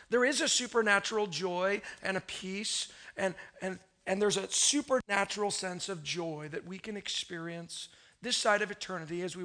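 A man's voice: high-pitched, sharp tone. A male pastor preaching a sermon in a conversational, storytelling way, often asking the room questions.

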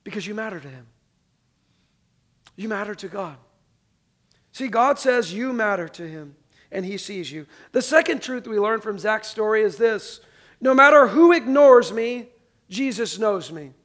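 A man with a high voice preaches a sermon to his congregation. He talks like a friend, asks the room to repeat lines after him, and swings from loud, pressing emphasis to hushed, quiet lines. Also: animated, moderate pace, long pauses. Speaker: pastor.

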